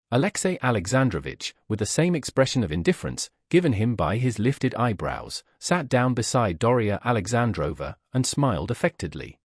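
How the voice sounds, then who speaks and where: A man reads a classic novel aloud in steady, scripted narration. His voice is husky and mid-pitched, with animated intonation. The recording is dry and close, with no room sound. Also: moderate pace, few pauses, no echo. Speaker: audiobook narrator.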